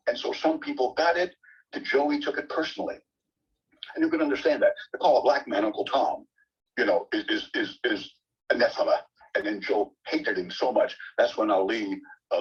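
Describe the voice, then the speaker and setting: An older man, a sportscaster guest, telling long animated anecdotes in conversation, often repeating words as he starts sentences. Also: lowish voice, breathy edge. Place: bookstore event. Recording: distant, dull lo-fi audio.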